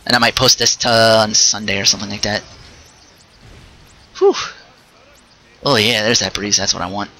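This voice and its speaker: Man, podcast host, casual solo recap, rambling, restarts sentences, very bright tone. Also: lowish voice, steady tone, normal speed, pauses often, poor audio. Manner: rambling, stops and restarts mid-thought; chatty, with short asides while playing a video game.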